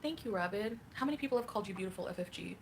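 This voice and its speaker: A woman's voice: mid-range voice, expressive, racing, a little hiss or hum. A woman livestreaming, reading chat and ranting in a catty, mocking way with frequent laughs.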